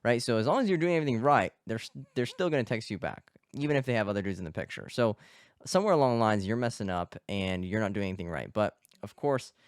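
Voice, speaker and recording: A man's voice: lowish voice, no echo, clean studio sound. Blunt, profane man on a podcast. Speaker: podcast host and dating coach. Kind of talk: casual podcast monologue. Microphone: close podcast mic.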